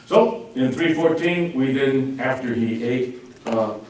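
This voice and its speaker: A man giving an informal Bible class, joking and acting out quotes in lively swings of voice. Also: slow pace. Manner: jokey, animated, acts out quotes with lively pitch swings. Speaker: Bible teacher. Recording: roomy echo, speaker far from mic, faint noise.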